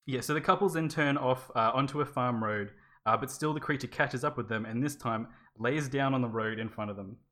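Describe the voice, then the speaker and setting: A woman's voice: rumbling low, a little fast, a bit bright. A woman co-hosting a podcast, telling a spooky story in casual chat, swearing freely and laughing often. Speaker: podcast co-host.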